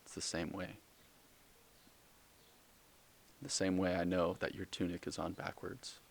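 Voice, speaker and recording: Man doing a quiet, knowing Jesus. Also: sits low, fairly even intonation, brisk, gravelly. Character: calm, all-knowing Jesus, a grown man.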